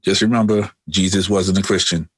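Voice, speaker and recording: A man in his thirties co-hosting a podcast, telling stories in a casual, animated way and acting out what other people said. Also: low voice, normal speed, husky. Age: 30s. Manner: animated storyteller who acts out other people's lines. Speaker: podcast co-host. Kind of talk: casual chat.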